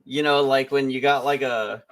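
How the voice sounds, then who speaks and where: A man's voice: medium pitch, steady tone, moderate pace, noisy background. A man in the middle of his range, riffing casually as a stream host. He rambles, jokes and stops himself mid-thought while reacting to a clip. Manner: rambling, joking, self-interrupting. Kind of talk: casual commentary.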